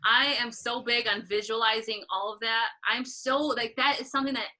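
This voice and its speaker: Bright animated woman telling a story. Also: a little high, normal speed, poor audio. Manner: animated, acts out quoted voices, laughs often. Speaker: interview guest, concert photographer. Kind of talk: casual storytelling interview.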